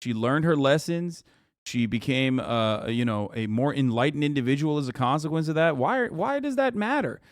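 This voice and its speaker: A male streamer rants at a clip with heavy swearing and open disbelief. His voice sits in a middle pitch range. The sound is dry and close. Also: lively intonation, normal speed, no room sound. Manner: incredulous, profane ranting. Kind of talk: live-stream reaction commentary.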